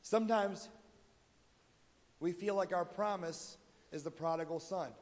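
A man preaching a sermon, moving between quiet pleading and loud exhortation. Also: high voice, a little slow. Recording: long hall reverb.

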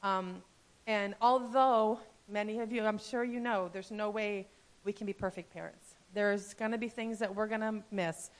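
A woman in her fifties, a pastor's wife, giving a heartfelt, earnest church message with fillers and soft laughs. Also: medium pitch, steady tone, moderate pace. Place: church sanctuary.

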